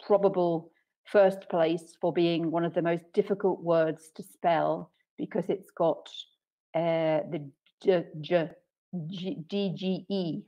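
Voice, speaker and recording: Patient woman teacher on dull audio. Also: lowish voice. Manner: patient, clear explaining with many "okay"s. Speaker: English teacher trainer. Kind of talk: webinar teaching talk.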